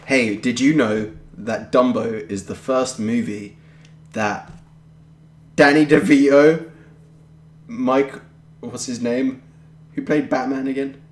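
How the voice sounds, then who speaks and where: A man's voice: mid-range voice, steady tone, slow pace, long pauses. A young man, co-hosting a podcast in casual chat, rambling and offhand with a jokey way of talking. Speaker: podcast co-host. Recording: roomy echoey home recording.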